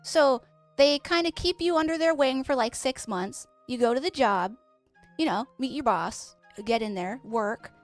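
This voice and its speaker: A chatty woman with a high voice rambles through stories as she streams a game, swearing freely along the way. Soft game music plays faintly behind her. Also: unhurried. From Canada. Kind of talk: casual storytelling while playing a game.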